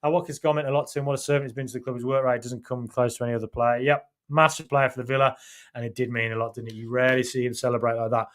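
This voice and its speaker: A man's voice: mid-range voice, little pitch movement, rapid-fire. A man hosting a live fan podcast, reading viewer comments aloud and chatting about them casually, with many fillers and restarts. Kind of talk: casual live-stream chat.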